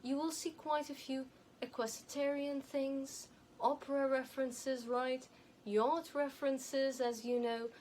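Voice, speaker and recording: A woman with a light, elocution-trained non-native accent gives a measured, emphatic advice monologue to camera as an image and style consultant. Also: sits high, steady tone, a little mellow, a little hiss or hum, poor audio.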